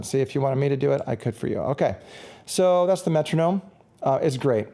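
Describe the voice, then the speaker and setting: A man with a gravelly, fry-edged voice talks through a casual gear review. His tone is mellow and relaxed, and he rambles along, correcting himself as he goes. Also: mid-range voice, fairly quick. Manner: rambling, chatty, self-correcting.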